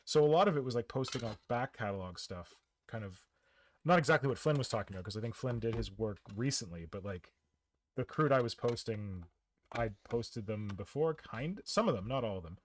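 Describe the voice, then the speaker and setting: A man's voice: medium pitch, lively intonation, brisk, a little hiss or hum. A man hosting a hobby stream in casual, joking chat that rambles at times. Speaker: stream host.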